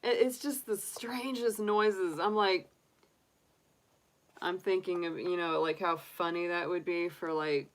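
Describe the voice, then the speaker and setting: Lady doing a tarot reading, lowish voice, rambly and chatty, lots of "um" and "like". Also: steady tone, measured pace, a little hiss or hum. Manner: chatty, rambling, many fillers. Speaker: tarot reader. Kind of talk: casual livestream tarot reading.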